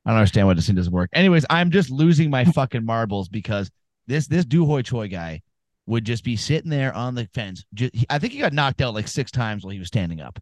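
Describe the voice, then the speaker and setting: A man chatting casually about fights on a podcast, swearing freely and wandering off into long stories. His pitch sits in the middle for a man, and the sound is dry with no room around it. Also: sing-song, a little fast, no echo. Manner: profane, rambling storyteller. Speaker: podcast co-host. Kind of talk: casual sports chat.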